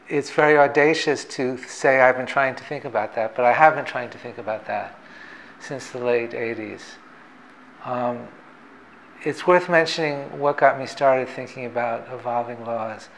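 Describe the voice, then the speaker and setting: Guy physicist talking it through, measured and professorial, middle pitch. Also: creaky, a bit bright, a little hiss or hum, poor audio. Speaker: theoretical physicist. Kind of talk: reflective explanatory talk.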